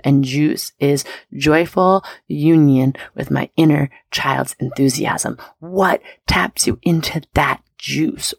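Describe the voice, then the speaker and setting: Woman podcast host, gravelly fry throughout, close and dry. Bubbly, affirming, coaching. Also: sits low, dry recording. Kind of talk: casual motivational talk.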